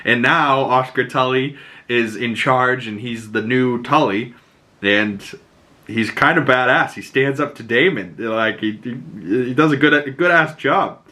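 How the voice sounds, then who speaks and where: A man recapping a tv episode for his podcast, excitable and loose, swearing as he goes, with a bright, forceful voice that pushes every point along. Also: mid-range voice, measured pace. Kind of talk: casual recap chat.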